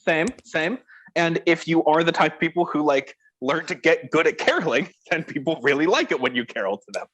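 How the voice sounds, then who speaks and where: High, animated male podcast guest. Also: fairly quick. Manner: animated, laughs often. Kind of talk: casual chat.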